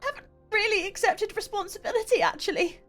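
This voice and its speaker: A guilty young student passenger speaks hesitantly from the back seat of a video-game cab, as a woman puts her on. The voice sits well above the performer's own and stays soft and quiet. Faint music plays underneath. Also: extremely high pitch, fast talker, pitched above the performer's own voice. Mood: guilty, subdued.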